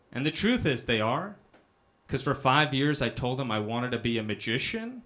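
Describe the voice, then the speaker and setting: On a comedy club stage before a live audience, a young male stand-up does a self-deprecating set, often asking "right?" after punchlines. His mid-range voice swings widely in pitch, moves fairly quickly, and sounds sharp, with slight background noise.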